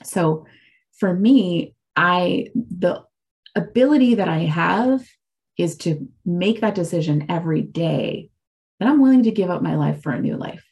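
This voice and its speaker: A woman's voice: on the low side, lively intonation, a little slow, creaky, darkish tone, husky. Candid, reflective woman in her forties. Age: 40s. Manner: reflective and candid, with frequent fillers and restarts. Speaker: speaker sharing a personal faith and recovery story. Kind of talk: casual reflective talk.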